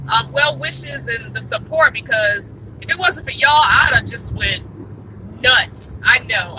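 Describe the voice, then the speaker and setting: A high-voiced woman with a Southern drawl talks with viewers on a live stream from behind the wheel. She is chatty and animated, and she sits back from the mic. Road noise runs steadily underneath. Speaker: vlogger. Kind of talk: live-stream vlog chat while driving. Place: inside a car on the road. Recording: car recording from a distance, background noise.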